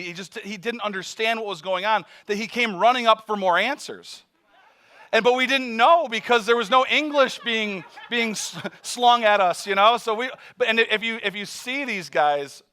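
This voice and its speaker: A man telling a mission story in a sermon, animated, acting out voices and laughing often. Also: sits high.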